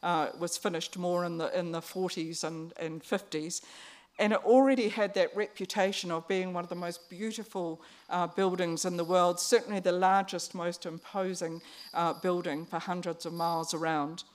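A woman's voice: fairly low pitch, fairly even intonation, moderate pace. Woman preaching a casual sermon. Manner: conversational, with fillers and restarts.

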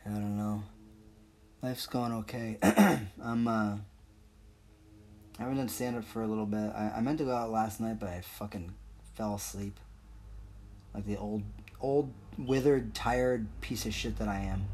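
A man's voice: fairly low pitch, unhurried, pauses often, darkish tone. A young man hosting a solo podcast, rambling and joking in a crude, casual way. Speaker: podcast host.

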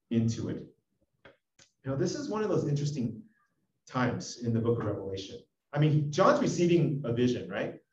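A man preaching an expository sermon, reading scripture with animated emphasis. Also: medium pitch, slight background noise. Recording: echoey, dull audio from a distance.

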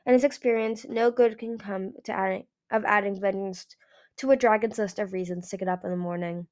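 A woman's voice: medium pitch, fairly even intonation, a little fast, a little mellow. A woman reading a fantasy novel aloud in plain narration, now and then correcting herself. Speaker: audiobook reader.

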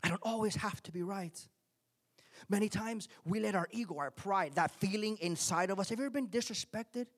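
A male pastor from Miami preaching a sermon, swinging from quiet asides to loud emphatic points. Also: sits high, fairly quick. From Miami, United States.

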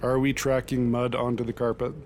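A man's voice: mid-range voice, little pitch movement, fairly quick, a little mellow, slight background noise. A man playing in a tabletop game, cracking jokes between rolls. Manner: joking, wisecracking. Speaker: player. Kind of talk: casual tabletop play.

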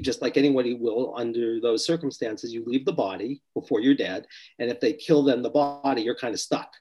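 A man with a husky, slightly breathy voice recounts a healing session in conversation. He explains each step earnestly and patiently. His pitch sits at a mid level for a man. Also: darkish tone, rough recording. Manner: earnest, explanatory, acts out quoted speech. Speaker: spiritual healer or therapist.

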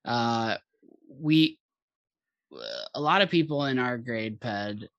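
A Southern US man hosting a podcast who talks in a rambling way and laughs often. His voice is bright. The sound is dry and close. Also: medium pitch, takes it slowly, dry recording, muffled recording. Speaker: podcast host. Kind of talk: casual chat.

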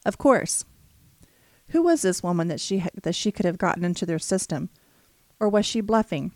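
Low-voiced woman reading an audiobook. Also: animated, moderate pace, darkish tone, no echo. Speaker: narrator. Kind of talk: audiobook narration.

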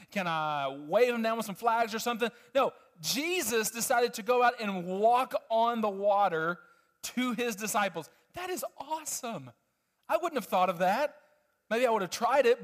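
A man preaching a sermon to a congregation with children, animated and emphatic, often asking the audience questions. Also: high-pitched. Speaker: pastor.

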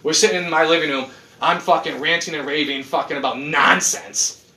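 A man's voice: a little high, fairly quick. A man ranting casually and sarcastically with lots of swearing, in a living room. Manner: profane, sarcastic, animated ranting. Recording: roomy room, mic at a distance.

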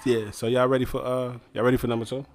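A man's voice: medium pitch, flat delivery, quick pace. A man with a mid-range voice co-hosting a podcast in loose, casual banter. He keeps a laid-back tone and reads out the questions for the group. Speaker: podcast co-host.

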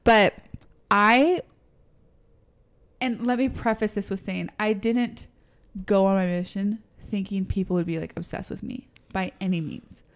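A woman's voice: medium pitch, fairly even intonation, a little slow. A young woman co-hosting a podcast, chatting casually, laughing often and acting out quoted voices. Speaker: podcast co-host.

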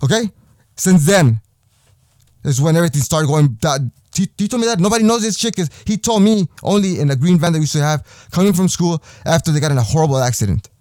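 Heated, profane and repetitive, a high-voiced young podcast host delivers an angry personal rant. His speech is animated, a little fast and a touch mellow. There is no room echo, as the voice sounds dry and close.

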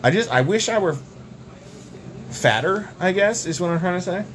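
A young man co-hosting a podcast, telling absurd tall tales in a deadpan, rambling way. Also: high-pitched, moderate pace, a little hiss or hum. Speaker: podcast co-host. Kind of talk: absurd comedic banter.

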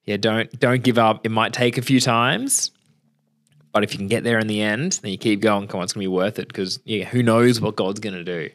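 A man's voice: fairly low pitch, fairly even intonation, brisk, a bit bright. This is a man hosting a podcast in easy, casual conversation. He keeps affirming his guest and speaks to the listeners in an encouraging way. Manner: affirming and encouraging, with short backchannels. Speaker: podcast host. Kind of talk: casual chat.

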